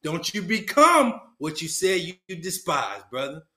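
A man retelling the words of an elderly male religious leader, speaking slowly with a stern, fatherly tone. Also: a little high, sing-song, bright, forceful tone, heavily acted. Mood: solemn. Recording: roomy echo.

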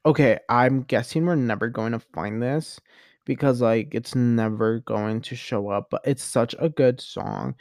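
A man hosting a podcast, talking alone in a rambling, chatty and expressive way. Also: mid-range voice, a little slow, vocal fry, dry recording, clean studio sound. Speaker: podcast host. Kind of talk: casual solo monologue.

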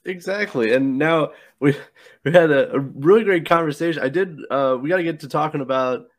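Stumbling podcast host, slightly high voice. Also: male voice, brisk. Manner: stumbles and restarts words, fills with "you know". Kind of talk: casual interview chat.

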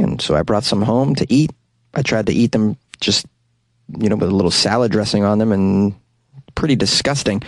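A man's voice: on the low side, gravelly, a little mellow, no echo, studio quality. A man hosting a casual show who reads out odd news items and reacts with sarcastic jokes and casual swearing. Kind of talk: casual commentary on news stories.

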